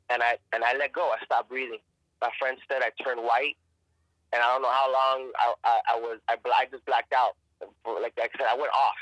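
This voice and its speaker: A man tells his story in a casual podcast chat, pressing hard on his words and swearing freely. His voice is bright and forceful, and he keeps repeating himself as he finds his way. The sound is dry and close, with no room around it. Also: medium pitch, little pitch movement, a little fast, long pauses, no room sound, low-quality recording. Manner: emphatic, profane, repeats and restarts words. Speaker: actor and podcast guest.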